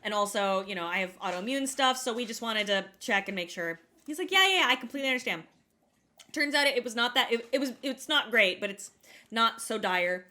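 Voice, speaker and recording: A young woman telling a story in casual chat, animated and self-mocking, acting out what people said. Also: fairly high pitch, a little fast. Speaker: co-host.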